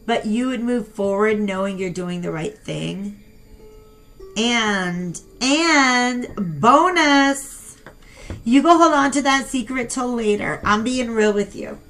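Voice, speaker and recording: A young woman giving a casual tarot reading and talking straight to her viewers in a chatty, animated way. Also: medium pitch, measured pace, soft background music. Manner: chatty and animated, talks to viewers as "you guys". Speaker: tarot reader.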